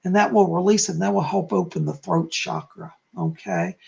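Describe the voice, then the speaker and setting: A man with a gravelly edge, hosting a live psychic reading stream. He talks in a loose, chatty way and reassures each viewer. He keeps checking in with a soft "okay?". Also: high-pitched, fairly even intonation, moderate pace, muffled recording. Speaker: psychic host.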